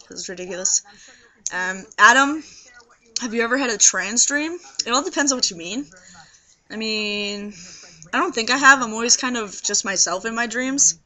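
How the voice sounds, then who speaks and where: A young trans man with a high voice and a scratchy throat, rambling tiredly to the camera in a casual video diary. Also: bright, forceful tone. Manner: rambling, tired, many fillers. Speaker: video blogger. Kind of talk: casual vlog monologue.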